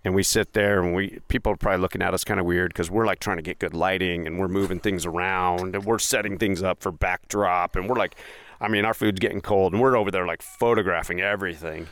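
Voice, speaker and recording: Gravelly low-voiced man chatting. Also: fairly even intonation, quick pace, fairly bright tone, dry recording. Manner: rambling, with many fillers and restarts. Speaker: podcast host. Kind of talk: casual chat.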